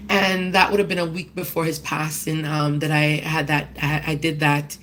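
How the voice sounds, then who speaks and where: Woman, memorial tribute speech, chatty storytelling, earnest appeals, lowish voice, faint background hiss. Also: level tone, normal speed, a bit bright, rough recording. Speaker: speaker at a memorial service.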